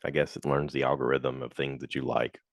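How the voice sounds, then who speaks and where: A man's voice: level tone, fairly quick, gravelly, dry recording, clean studio sound. A man hosting a casual solo podcast, rambling through reviews with lots of fillers and acted-out quotes. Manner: rambling and chatty, acts out quotes in high voices. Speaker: podcast host.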